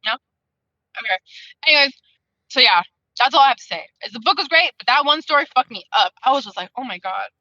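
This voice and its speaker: A woman's voice: sits high, lively intonation, fast, pauses often, pushed and bright, no room sound, muffled recording. A woman in a casual book club chat on a video call, venting in a heated, profane, rambling way.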